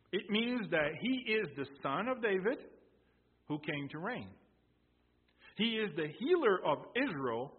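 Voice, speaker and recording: A man's voice: sits high, slightly rough. A man preaching a sermon, explaining emphatically and repeating key points. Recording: tinny phone-like sound in a reverberant hall.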